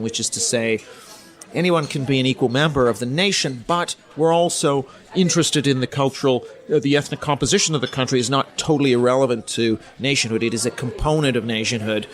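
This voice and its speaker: A middle-aged man from Canada speaks as a podcast guest, laying out his points patiently like an academic. His pitch sits in an ordinary middle range, and he often pauses with "um" and repeats words as he builds each thought. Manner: measured, explanatory, with frequent ums and restarts. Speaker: guest, politics professor. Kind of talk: podcast interview, academic explanation.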